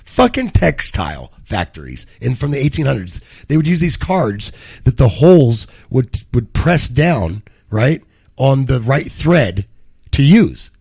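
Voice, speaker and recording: Rambling gravelly male host. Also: medium pitch, a little mellow. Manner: rambling, profane, self-correcting. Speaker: co-host of a live cannabis news show. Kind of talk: casual live show banter and news commentary.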